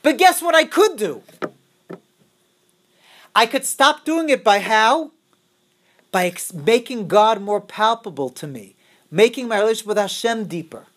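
A woman's voice: fairly high pitch, expressive, unhurried, long pauses. A woman teaching a religious class, quizzing her students and repeating her key phrases over and over.

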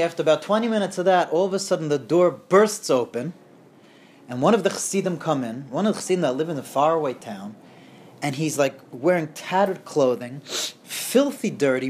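A man telling a Hasidic tale in a lively, repetitive way, sprinkling in Yiddish and Hebrew words. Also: on the high side. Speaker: storyteller. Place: community near Woodmere.

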